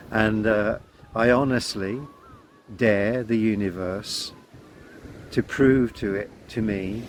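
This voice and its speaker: A man with a mid-pitched voice gives a calm spiritual talk and repeats simple mantras in a gentle tone. He is recorded outdoors, and clear wind noise sits behind his voice. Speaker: spiritual teacher.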